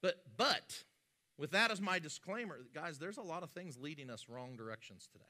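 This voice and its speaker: A man's voice: fairly high pitch, expressive, normal speed, sharp tone. A male pastor preaching a sermon in a conversational way, with joking asides and frequent restarts.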